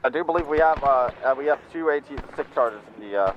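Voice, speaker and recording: Quick-talking squad leader man. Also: medium pitch, animated, muffled recording. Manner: hesitant, careful reporting. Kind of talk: radio tactical chatter. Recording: voice chat over noisy game audio.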